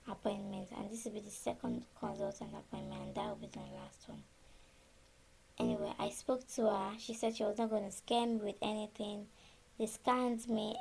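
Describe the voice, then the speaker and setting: Animated, gravelly-voiced woman telling her story. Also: fairly high pitch, a little hiss or hum. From Nigeria. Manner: animated, reenacts conversations with quoted dialogue. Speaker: storyteller sharing her birth experience. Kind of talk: casual personal storytelling.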